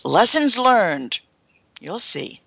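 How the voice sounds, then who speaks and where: A woman's voice: medium pitch, sing-song, very slow, gravelly. A woman hosting a talk show, telling a first-hand story in a dramatic way with gasps. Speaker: host.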